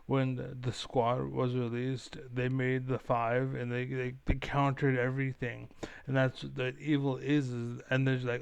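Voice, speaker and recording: A man in a gaming live stream keeps up a rambling, profane rant over the play. His voice is smooth and resonant at an ordinary pitch, and it is caught close on a mic with no room around it. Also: level tone, a little slow, no room sound.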